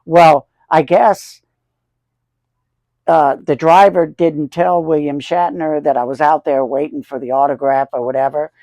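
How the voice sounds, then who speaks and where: A man's voice: on the high side, steady tone, measured pace, a little mellow, dry recording. A man in his sixties telling rambling, chuckling anecdotes as the host of a casual collector vlog.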